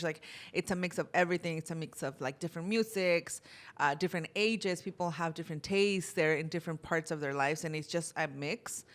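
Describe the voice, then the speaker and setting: A woman co-hosting a casual podcast, speaking in a reflective, conversational way. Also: sits low. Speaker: podcast co-host.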